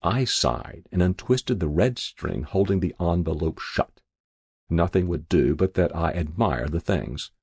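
A man's voice: deep voice, lively intonation, unhurried, vocal fry, a little mellow, slightly rough, dry recording. A man reading a first-person story aloud in a wry, dry storytelling manner. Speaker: narrator. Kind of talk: audiobook narration.

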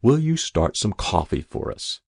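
A man's voice: fairly low pitch, very animated, a little slow, gravelly, darkish tone, slightly rough, no echo, clean studio sound, heavily acted. A man reading a story aloud and voicing a timid young husband who speaks hesitantly and pleads. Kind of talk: audiobook narration.

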